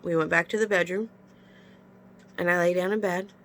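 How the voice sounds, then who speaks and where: A woman's voice: fairly low pitch, steady tone, moderate pace. A woman talking frankly and emotionally in a confessional vlog, sighing often, her nose stuffy from crying. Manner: emotional, frank venting with sighs. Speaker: vlogger.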